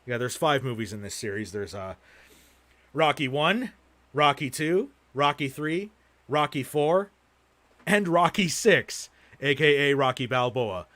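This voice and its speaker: A man's voice: mid-range voice, expressive, unhurried, fairly bright tone. A young man chatting casually on a livestream about his movie collection, rambling and swearing freely as he goes. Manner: profane, rambling, rants with heavy swearing. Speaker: streamer showing his film collection.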